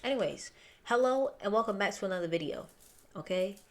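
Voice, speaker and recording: A woman's voice: medium pitch, lively intonation, fairly quick, slight background noise. A woman hosting a music reaction video, talking casually and directly to her viewers, with occasional swearing. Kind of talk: casual chat, reacting to an album. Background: faint music from the album.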